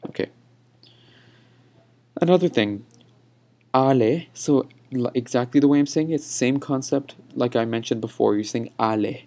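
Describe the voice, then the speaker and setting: A young man giving a patient pronunciation lesson over slides, repeating words slowly for practice. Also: mid-range voice, dark tone. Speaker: teacher.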